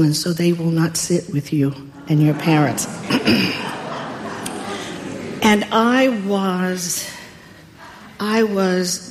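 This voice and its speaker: An older woman telling a personal story in a deliberate, wry way. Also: fairly low pitch, background noise. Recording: long hall reverb.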